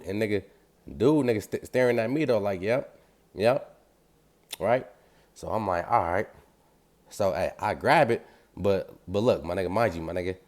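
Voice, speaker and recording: A deep-voiced man recounts a story in loose, slangy street talk. He is animated and acts out the sounds as he goes, and his low voice carries the whole tale.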